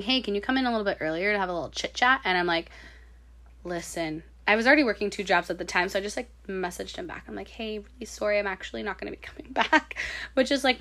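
Chatty young woman with bright voice. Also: mid-range voice. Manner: chatty storyteller, acts out quotes, laughs often. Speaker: podcast host. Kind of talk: casual chat.

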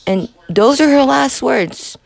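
A young woman in her twenties hosts a podcast, telling a personal story in a halting, profane confessional monologue. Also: high-pitched, animated, creaky, no room sound. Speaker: podcast host.

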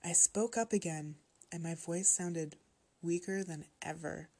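A woman reads a horror story aloud in a steady, measured way. Her voice sits low and carries a husky grain. She keeps the telling calm and even. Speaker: story narrator.

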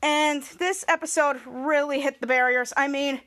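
A woman hosting a podcast, recapping a TV episode in a casual, excited way with many fillers and restarts. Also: high voice, normal speed. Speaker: podcast host.

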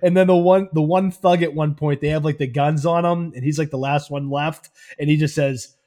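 Laid-back male podcast co-host, slightly high. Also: steady tone, moderate pace, warm tone. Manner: laid-back, laughing, reads out movie quotes. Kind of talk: casual chat, movie review.

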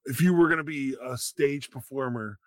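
A man who is a father hosts a casual livestream chat, talking in an animated, self-deprecating way. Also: mid-range voice, normal speed, no echo. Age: young adult to middle-aged, a father. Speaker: host.

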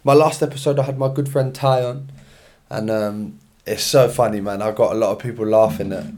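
A man's voice: on the low side, steady tone, fairly quick, darkish tone. A tired young man, hosting his own solo podcast in a chatty, rambling, slangy way from his room. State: tired, yawning. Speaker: podcast host. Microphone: own podcast mic.

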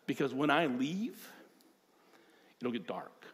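A man preaching a sermon as a pastor, with dynamic delivery that drops low and rises into emphatic bursts. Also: animated, normal speed.

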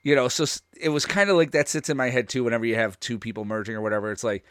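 A man's voice: medium pitch, fairly even intonation, racing, fairly bright tone, slight background noise. A man hosting a casual podcast, talking in a rambling way and restarting his sentences often. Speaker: podcast host.

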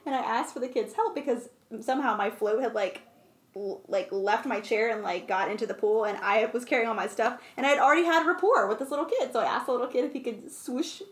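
A young mother with a fairly high voice chats with her co-hosts and laughs through her stories. The room is echoey. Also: fast talker. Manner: chatty, laughs often while telling stories. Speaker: podcast co-host. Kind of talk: casual chat.

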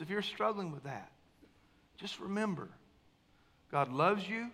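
A man preaching a sermon as pastor, talking with the congregation, calling for amens and swinging between hushed and emphatic lines. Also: sits high, animated, measured pace, long pauses, breathy edge. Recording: long hall reverb.

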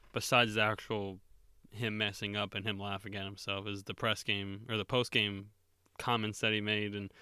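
A man with a lowish, bright and crisply clear voice joins in on a casual hockey chat. He adds wry asides with a light chuckle. The sound is dry and close to the mic. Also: dry recording. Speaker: co-host.

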